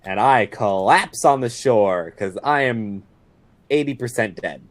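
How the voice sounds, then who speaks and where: Dude player at a tabletop game, unhurried, cracking jokes. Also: male voice, on the low side. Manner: joking, excitable. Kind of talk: casual tabletop play.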